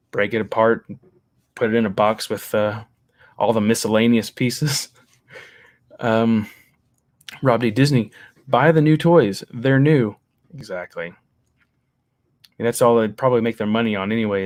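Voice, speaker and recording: A man in his thirties talks casually on a livestream, reading viewer comments and drifting between thoughts with lots of ums and restarts. His voice sits a little low. The sound is dry and close to the mic. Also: dry recording. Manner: rambling, relaxed, many fillers and restarts. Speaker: livestream host.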